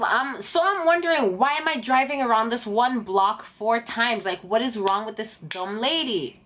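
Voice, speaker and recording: A woman's voice: fairly high pitch, normal speed, few pauses. Indignant young woman vlogging. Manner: animated and indignant, talks to camera. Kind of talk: casual storytime vlog.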